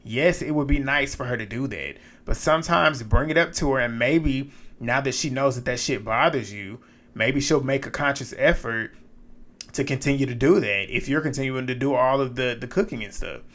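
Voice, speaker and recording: A man's voice: mid-range voice, moderate pace, a bit bright. A man casually recapping a reality dating show episode, blunt and exasperated, laughing now and then as he retells the scenes. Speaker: recap commentator.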